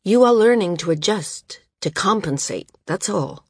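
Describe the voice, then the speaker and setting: A woman voicing an older male healer in an audiobook, speaking quietly and gravely. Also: fairly low pitch, expressive, no room sound, studio quality, exaggerated voice. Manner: quiet and measured. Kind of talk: audiobook character voice.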